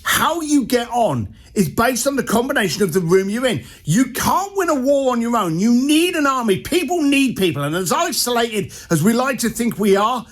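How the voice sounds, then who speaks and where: A man delivers a motivational story with blunt, punchy directness, acting out bits of dialogue as he goes. His voice sits high and swings widely in pitch. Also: very animated, normal speed, few pauses. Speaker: entrepreneur coach.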